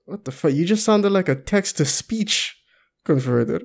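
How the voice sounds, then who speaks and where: A man's voice: fairly high pitch, animated, moderate pace, gravelly, breathy edge. A man directing a script read in casual banter, coaching his partner, exasperated and laughing often.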